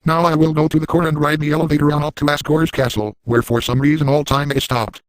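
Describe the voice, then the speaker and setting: A man's voice: fairly high pitch, fairly even intonation, fast talker, no room sound, natural voice, rough recording. A man voicing a crude, gleeful, boastful adult man in a comic parody, narrating in first person with a brash, over-the-top manner.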